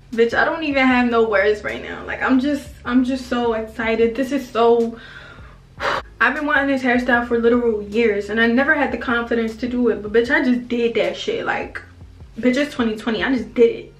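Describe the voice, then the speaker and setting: A woman vlogging a hair tutorial in casual, excitable talk to camera, slangy and swearing freely. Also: a little high, moderate pace. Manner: excitable, animated, slangy and profane. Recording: echoey room with faint music.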